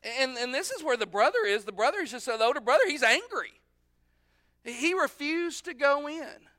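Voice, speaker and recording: High-voiced, bright male preacher. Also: expressive, moderate pace, dry recording, studio quality. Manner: conversational, acts out the voices of people in the story. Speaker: pastor. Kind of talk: sermon.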